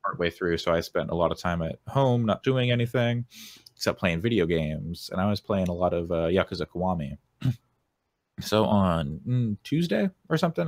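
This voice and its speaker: Very deep male co-host, dry close sound, laid-back storytelling. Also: no echo. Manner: relaxed storyteller, laughs at own story. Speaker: podcast co-host. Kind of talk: casual chat, anecdote.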